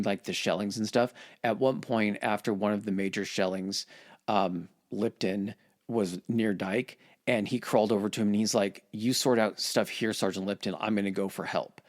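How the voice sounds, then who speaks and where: A man's voice: fairly low pitch, steady tone, normal speed. A man casually retelling war history on a podcast, swearing and acting out quotes in voices. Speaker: podcast host.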